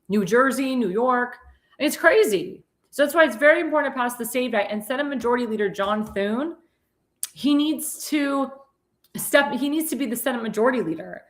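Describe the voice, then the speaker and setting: Talk host, woman, tired, emphatic political monologue, many fillers and restarts, fairly high voice. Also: fairly bright tone. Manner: emphatic, repeats words, frequent fillers and restarts.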